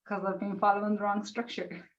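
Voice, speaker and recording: A woman's voice: medium pitch, flat delivery, brisk, highs cut off. A woman in a group coaching call, sharing emotionally and rambling with lots of "like" and the odd swear word, near tears. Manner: gushing, rambling, heavy on "like", swears. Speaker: participant in a group coaching session.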